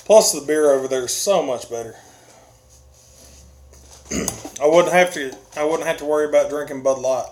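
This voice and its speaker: A man's voice: a little high, normal speed, pauses often, a little mellow, a little hiss or hum. A man hosting a casual live stream, chuckling often as he reads out viewer comments. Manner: chuckles often while reading comments aloud. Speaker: livestream host reading chat.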